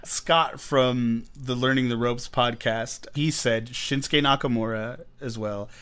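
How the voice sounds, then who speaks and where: A man's voice: mid-range voice, steady tone, takes it slowly, fairly bright tone, clear, resonant tone. A man co-hosting a podcast in casual chat, enthusiastic, laughing often and filling his talk with "like.". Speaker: podcast co-host.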